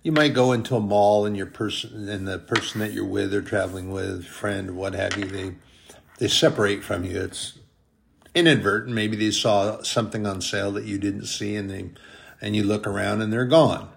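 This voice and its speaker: A man preaching a sermon, slow and deliberate, drawing out his emphatic phrases. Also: on the low side, fairly even intonation, gravelly.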